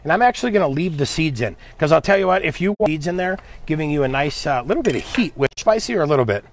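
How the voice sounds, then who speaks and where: A man's voice: a little high, lively intonation, quick pace. A man hosting a live cooking demo, chatting upbeat with viewers and his helper as he cooks. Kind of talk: live cooking stream, casual chat.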